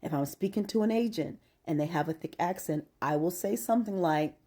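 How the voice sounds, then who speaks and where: A woman's voice: on the low side, brisk, mellow. A middle-aged woman vlogger venting in a casual, emphatic monologue and telling her story with exasperation.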